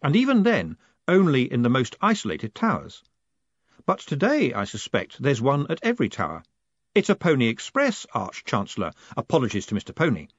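A cheeky young con man with a raised, lively voice, as a male narrator puts him on, breezy and full of confidence. The voice is husky, and the audiobook recording is dry and a bit dull. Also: mid-range voice, a little fast, no echo, pitched above the performer's own voice. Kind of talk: audiobook character reading.

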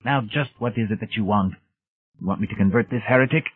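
A man's voice: fairly low pitch, fast talker, slightly rough, pitched above the performer's own voice. A tiny, nervous old preacher quavers in a thin, whining voice, as a male reader puts him on. He sounds wary and grudging, and the audio is narrow and tinny like a phone call.

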